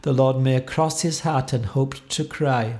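A man reading a children's storybook aloud, expressive and playful. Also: unhurried. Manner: expressive, playful, swings pitch for effect. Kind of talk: storybook read-aloud narration.

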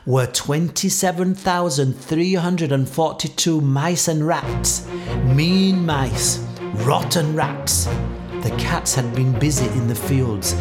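A man reading a children's storybook aloud, expressive and playful. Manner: expressive, playful, swings pitch for effect. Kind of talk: storybook read-aloud narration.

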